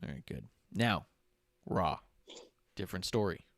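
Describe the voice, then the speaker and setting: Speaking low and a little slowly, a man on a casual wrestling podcast recaps matches with his co-host, animatedly performing wrestlers' lines in exaggerated voices.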